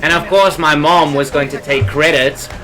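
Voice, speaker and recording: Bright-voiced man in casual gameplay talk. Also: a little high, normal speed, soft background music. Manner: swears a lot, flips from calm rambling to angry outbursts. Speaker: gameplay streamer. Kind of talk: casual let's play commentary.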